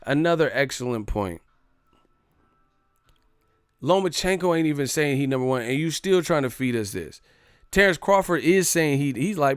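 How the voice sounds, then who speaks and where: A man's voice: a little high, expressive, moderate pace, pauses often, clean tone, dry recording, studio quality. A brash, slangy man hosting a live boxing commentary stream.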